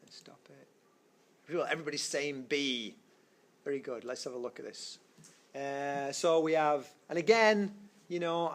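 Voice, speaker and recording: Man, physics lecturer, slightly high voice, rambling, lots of fillers and restarts, classroom lecture. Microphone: screencast recording.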